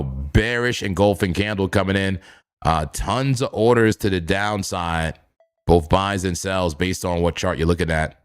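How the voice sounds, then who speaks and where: Chill guy with a lowish voice rambling through trading charts live, laughs a lot, says stuff twice. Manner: laid-back, chuckling, repeats phrases. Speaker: crypto trading streamer. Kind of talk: casual live chart commentary.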